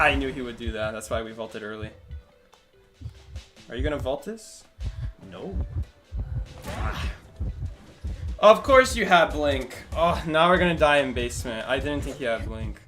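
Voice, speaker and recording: A man's voice: medium pitch, normal speed, pauses often, soft background music. A man commentating his own gameplay live, joking and talking to his chat. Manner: animated, joking, talks to chat. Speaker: gaming streamer.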